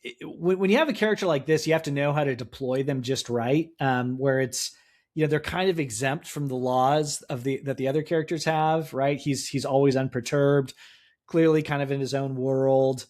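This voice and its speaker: Mid-pitched male co-host, reflective, frequent ums. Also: normal speed, a little mellow. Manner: thoughtful, hesitant with fillers. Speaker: podcast co-host. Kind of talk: casual chat about comics.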